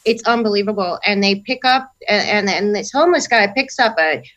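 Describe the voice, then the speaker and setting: A woman's voice: mid-range voice, fairly quick. A woman from New York City, telling a story in casual chat and acting out the dialogue. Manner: animated storytelling, acts out dialogue.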